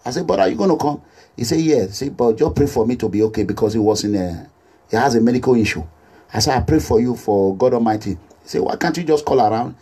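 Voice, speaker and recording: Animated husky Nigerian man. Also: medium pitch, fast talker. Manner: animated, repetitive, mixes Pidgin English. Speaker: political activist. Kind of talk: impassioned social media appeal. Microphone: phone or camera selfie video.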